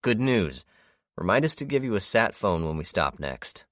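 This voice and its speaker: A man's voice: lowish voice, sing-song, normal speed, fairly bright tone, dry recording, clean studio sound, pitched above the performer's own voice. A man reading an audiobook, voicing an easygoing, matter-of-fact brother.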